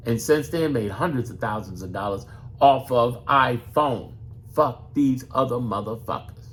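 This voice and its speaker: A man's voice: medium pitch, unhurried, a little hiss or hum. A man who makes gaming videos talks straight to the viewer, blunt and profane, handing out advice in a casual, preachy way. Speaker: gaming content creator. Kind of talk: casual motivational talk.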